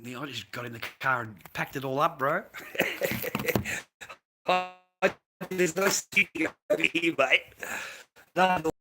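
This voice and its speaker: A man's voice: on the high side, fairly even intonation, unhurried, pauses often, noisy background. An Australian man telling a long story in a profane, repetitive, casual monologue. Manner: profane, repetitive, addresses the listener as mate and bro. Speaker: vlogger recounting a story.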